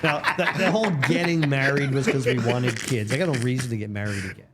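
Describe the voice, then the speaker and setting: A man's voice: mid-range voice, quick pace. A middle-aged man making plain, matter-of-fact remarks in casual chat. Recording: loud background noise.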